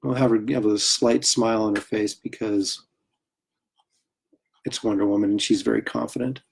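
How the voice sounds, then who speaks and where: A man's voice: fairly low pitch, moderate pace, gravelly, husky. Chatty man telling stories while drawing. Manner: chatty, animated anecdotes with laughter and acted quotes. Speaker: comic artist hosting a livestream. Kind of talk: casual storytelling while drawing.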